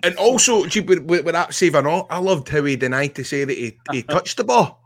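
Scottish man, guest on a podcast, fairly high voice, rambling, enthusiastic. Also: lively intonation, fairly quick. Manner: rambling, repeats words, enthusiastic. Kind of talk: casual chat.

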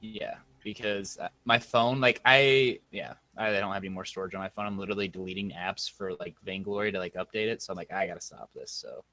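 A man's voice: low-pitched, a little fast, hardly any pauses, pushed and bright. A man co-hosting a casual esports podcast, laid-back and chatty. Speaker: podcast co-host.

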